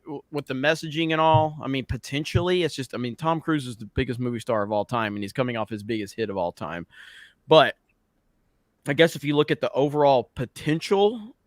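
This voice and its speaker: A man's voice: medium pitch, fairly bright tone, no room sound, studio quality. A man hosting a casual podcast chat, rambling with lots of filler words and laughing often. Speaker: host.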